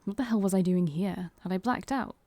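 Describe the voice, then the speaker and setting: A woman's voice: medium pitch, a little fast, a little mellow, no echo. Brief: woman host, casual let's play narration, dry close mic. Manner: casual, chatty asides. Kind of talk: reading a visual novel aloud with chat.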